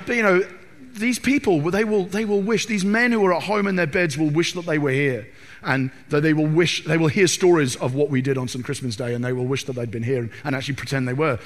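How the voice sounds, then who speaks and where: A middle-aged man preaching a sermon, animated and humorous, acting out film lines, in a reverberant church hall. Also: fairly high pitch.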